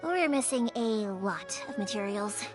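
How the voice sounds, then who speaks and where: A woman's voice: medium pitch, animated, a little slow, over music, close to an everyday voice. A woman voicing a chatty young female fireworks maker in a game, bubbly and easily sidetracked. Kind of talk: game voice acting.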